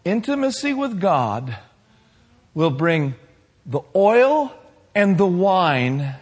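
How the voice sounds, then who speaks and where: A man preaching a sermon to his congregation, building to shouted passages and calling for responses. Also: sits high, very animated, slow, breathy edge. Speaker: pastor.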